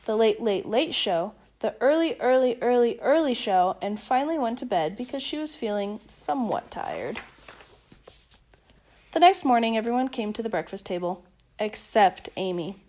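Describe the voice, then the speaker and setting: Woman reading a kids book, expressive, voice on the high side. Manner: lively, expressive storytelling. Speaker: storybook reader. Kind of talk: children's picture book read-aloud.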